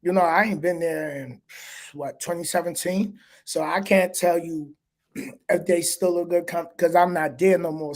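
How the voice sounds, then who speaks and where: A man hosting a casual livestream as a trucker, talking in a relaxed, slangy way and reading viewer questions aloud. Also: a little high. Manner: laid-back, slangy, laughs often.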